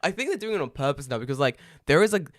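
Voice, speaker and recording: A man co-hosting a chatty podcast, telling stories with constant profanity and bursts of laughter. His pitch swings widely as he talks, and the sound is dry and close. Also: rapid-fire, no room sound. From England. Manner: profane, animated storytelling with frequent laughter. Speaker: podcast co-host. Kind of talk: casual chat.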